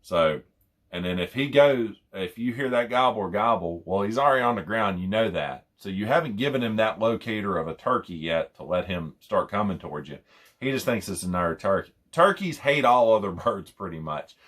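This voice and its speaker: Fairly quick and expressive, a young man with a fairly low, somewhat bright voice rambles through a casual demonstration of hunting calls. He's an instructor who keeps repeating phrases and hooting like an owl.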